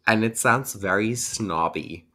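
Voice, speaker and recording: Very deep-voiced man. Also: measured pace, sharp tone. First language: German. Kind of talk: casual chat.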